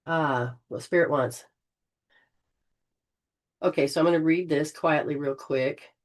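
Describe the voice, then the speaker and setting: A woman leading an informal spiritual healing session, gently coaching and often restarting her sentences. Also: sits low, a little slow. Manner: rambling, with frequent restarts and throat clearing.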